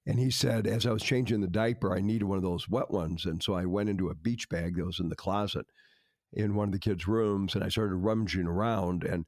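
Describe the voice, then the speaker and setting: Older male podcast host, gravelly, dry close mic, earnest dramatic storyteller. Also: sits low, steady tone, a little fast, darkish tone, no room sound. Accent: American. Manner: earnest, dramatic retelling with quoted dialogue. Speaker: marriage counselor, podcast host.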